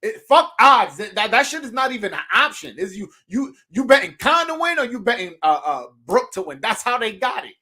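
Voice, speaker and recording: A high-pitched man hosts a boxing talk show, his voice bright and forceful. He talks loosely and animatedly, swearing freely and laughing between points, with plenty of false starts and repeats. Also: fairly quick, hardly any pauses, breathy edge. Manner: animated, loose and profane, laughing often, many restarts. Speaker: podcast host.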